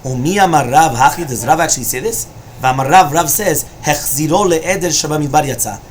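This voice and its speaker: A man's voice: on the high side, brisk, crowd noise. A man teaching a Talmud lesson who explains each line and keeps checking with "right?" and "you understand?". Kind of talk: Talmud study lecture.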